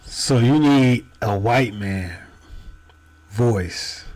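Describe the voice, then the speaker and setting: A man hosting a live show, commenting in a slow, pointed, questioning way on a clip he plays. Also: mid-range voice, darkish tone. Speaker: host reacting to a clip. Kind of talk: commentary over a played clip.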